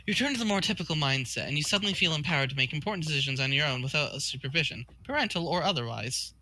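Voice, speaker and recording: A man's voice: fairly high pitch, expressive, very fast, pushed and bright, a little hiss or hum. A man reading a webcomic aloud with friends, giving the lines dramatic flair and breaking into laughter often. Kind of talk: casual chat while reading a webcomic aloud.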